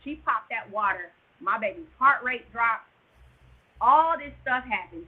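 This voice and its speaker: Woman guest on a phone line, husky, slightly high, gets loud when the story peaks. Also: measured pace. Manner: animated, rises to near-shouts at tense moments. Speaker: guest telling her birth story. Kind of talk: emotional storytelling.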